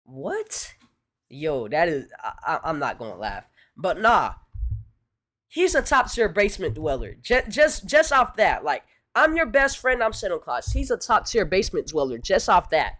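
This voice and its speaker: A man reacting to a video as a streamer, talking excitably in slang and repeating his phrases. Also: a little high, measured pace. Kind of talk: casual reaction commentary. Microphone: streaming mic.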